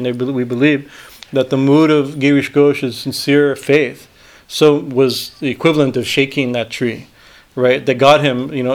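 A man, a swami, reading a spiritual text aloud and breaking off into halting commentary that often ends in a questioning "right?". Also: mid-range voice. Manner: halting asides, frequent "right?" tags.

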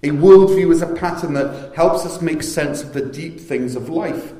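A man's voice: fairly high pitch, moderate pace, warm tone. A man preaching a sermon as pastor, earnest and explanatory in a storytelling way. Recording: echoey room sound.

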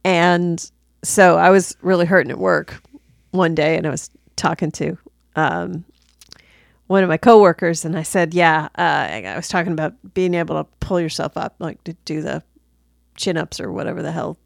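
A woman co-hosting a casual movie review chat, talking in halting starts and laughing often. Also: on the low side, fairly even intonation, gravelly, dry recording, studio quality. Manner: halting, lots of restarts and laughs. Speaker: podcast co-host.

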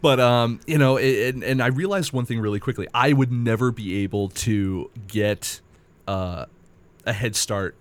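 A man's voice: medium pitch, normal speed. A man talking as a podcast guest about indie film, rambling and personable with many restarts. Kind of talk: casual podcast chat.

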